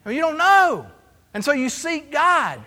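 A man preaching from the pulpit, his voice pitched very high and ringing bright. He tells stories in animated bursts and acts out each conversation. A long reverb from the church hall trails every phrase. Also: normal speed. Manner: storytelling, animated, acts out dialogue. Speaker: pastor. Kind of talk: sermon. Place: church sanctuary.

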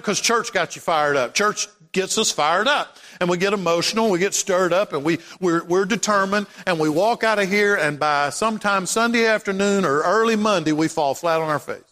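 A man preaching a sermon as pastor, swinging from loud declarations to hushed passages. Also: high-pitched, moderate pace, hardly any pauses, long reverb tail. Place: church sanctuary.

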